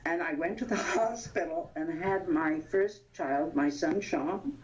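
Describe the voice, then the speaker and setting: An older woman in her eighties with a low voice reminisces as an interview guest. She tells stories animatedly, laughs often and pauses to hunt for names. The sound is dull and lo-fi. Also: a little mellow. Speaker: interview guest, veteran actress. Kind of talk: anecdotal reminiscing.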